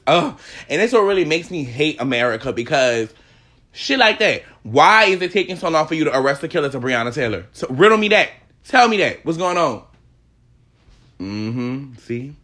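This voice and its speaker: Brief: man ranting solo, lively swinging pitch, slightly high voice, profane and emphatic. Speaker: podcast host. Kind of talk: heated opinion monologue.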